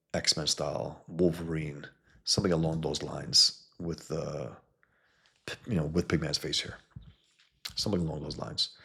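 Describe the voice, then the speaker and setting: A comic book creator talks casually through his own work in a review vlog, blunt and emphatic, swearing freely and often repeating words. His voice is a rumbling low, husky, and a bit bright.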